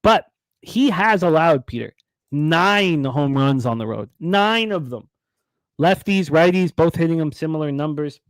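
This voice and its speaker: A man's voice: fairly high pitch, expressive, unhurried, no echo. A man hosting a sports betting radio show, rambling through stats and comedy club stories. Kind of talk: casual sports betting talk.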